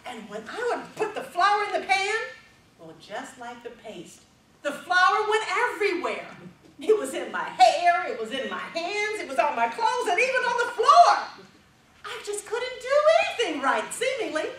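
Middle-aged woman, speech contest speaker with an animated voice, heard from a distance in a hall. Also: very high-pitched, slight background noise. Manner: expressive storytelling with dramatic pauses. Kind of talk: prepared public speech. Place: stage in a large hall.

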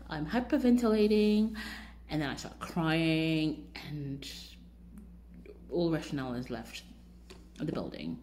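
A woman telling a frightening personal story in a casual vlog, still shaken, laughing nervously and jumping up high when she quotes others. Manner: shaken, animated, jumps up high when quoting people.

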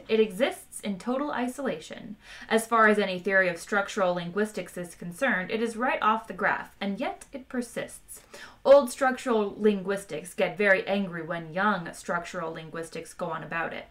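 Bright-toned woman streamer reading a novel aloud. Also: mid-range voice, normal speed. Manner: wry, chats with viewers between passages. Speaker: audiobook reader streaming live. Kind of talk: live-streamed book reading.

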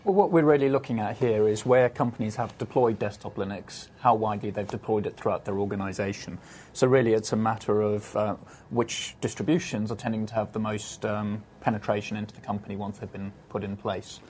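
A man with a fairly low voice explains survey results step by step as an analyst guest. His delivery is measured and methodical, with a faint hiss under the recording. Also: fairly even intonation, darkish tone.

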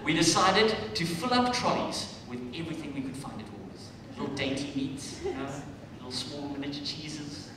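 A South African man doing stand-up comedy, loud and swearing, with shouted punchlines. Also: fairly high pitch, normal speed, noisy background. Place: comedy club stage with a laughing crowd. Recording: echoey club room taped from a distance.

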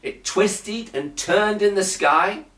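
Slow, gentle man reading a bedtime story. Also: high voice. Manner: slow, gentle, lilting read-aloud. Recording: echoey room.

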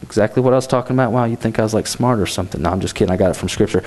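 A man's voice: lowish voice, racing, few pauses, darkish tone. A man giving a youth sermon in a church, speaking casually with many "you know"s and restarts.

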